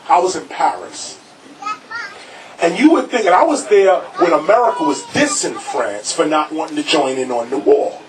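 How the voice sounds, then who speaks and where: A man, a rapper speaking to a live crowd in a record store, emphatic and preachy, raising his voice to hammer points home. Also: fairly high pitch. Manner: preachy, emphatic, shouting for stress. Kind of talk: animated public talk to a crowd. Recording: noisy, distant crowd recording.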